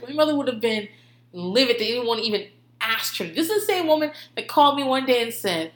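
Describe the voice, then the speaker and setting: A woman's voice: fairly high pitch, fast, roomy sound. A woman hosting a podcast, telling stories in casual, profane chat and laughing often. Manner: profane, laughing, animated storytelling. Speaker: podcast host.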